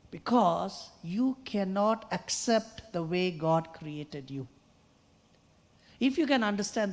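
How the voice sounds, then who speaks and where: A man with a high, soft voice often taken for a woman's, giving an earnest sermon-style talk at a youth choir festival. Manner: earnest, storytelling, with quoted refrains. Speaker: guest musician and speaker. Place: large hall at a choir festival. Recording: long hall reverb.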